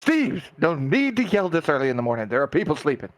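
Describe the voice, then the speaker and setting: A man's voice: fairly high pitch, very animated, quick pace. A man playing a preachy character in a tabletop game, teasing and laughing. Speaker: player.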